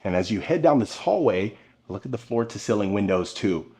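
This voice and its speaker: A man's voice: lowish voice, lively intonation, fairly quick, darkish tone. A man giving an enthusiastic walkthrough tour of a house, talking straight to his viewers while walking the rooms with a handheld camera. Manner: enthusiastic, addresses viewers directly. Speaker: home tour vlogger. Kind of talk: walkthrough home tour narration. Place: inside a large furnished house.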